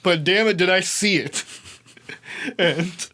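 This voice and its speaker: A young man with a slightly high voice tells a rambling story in casual podcast chat. He is animated and swears freely, and he laughs often as he goes. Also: slow. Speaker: podcast host.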